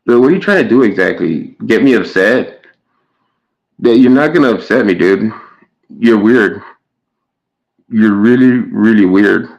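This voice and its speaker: A man's voice: on the low side, a little slow, vocal fry, long pauses, lo-fi sound. A man streaming live and chatting casually with his viewers, stumbling over his words and trading sarcastic jabs with chatters.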